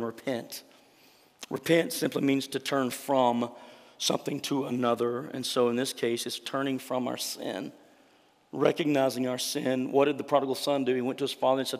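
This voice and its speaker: A male pastor delivering a sermon in an emphatic, conversational way, often tossing rhetorical questions to the congregation. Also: medium pitch. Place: church sanctuary. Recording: reverberant church hall.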